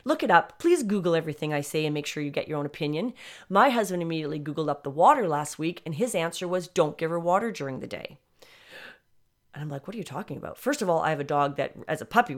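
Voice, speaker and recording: A middle-aged woman with a slightly low voice tells her own story to the camera in a loose, casual way. She rambles and keeps correcting herself, and her feeling comes through as she talks. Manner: rambling, emotional, self-correcting. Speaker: dog owner sharing her story. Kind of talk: casual personal vlog.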